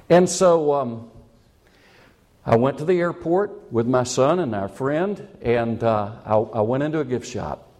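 A man's voice: medium pitch, measured pace, a little mellow. A man preaching a sermon, telling a personal story in a chatty, self-mocking way and chuckling at his own jokes.

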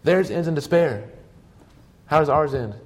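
A man's voice: fairly high pitch, expressive, a little slow. A man preaching a sermon, telling stories earnestly in short emphatic phrases.

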